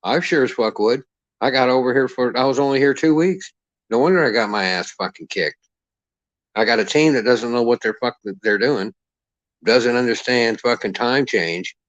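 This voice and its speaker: A man's voice: medium pitch, moderate pace, a bit bright, no room sound. Profane ranting man. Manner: heated, profane, repetitive. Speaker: boxing commentator. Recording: dull lo-fi dry sound.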